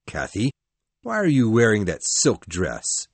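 A man's voice: on the low side, huge pitch swings, a little slow, slightly rough, no room sound, exaggerated voice. A man voicing a brooding, jealous young man who speaks curtly and demandingly in a read-aloud story. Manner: curt and demanding.

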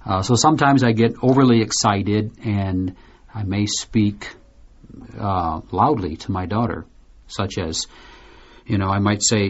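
A man hosting a slow, clearly spoken discussion for learners, explaining things patiently. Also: lowish voice. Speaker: host. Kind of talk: scripted learner podcast discussion. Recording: dull lo-fi recording.

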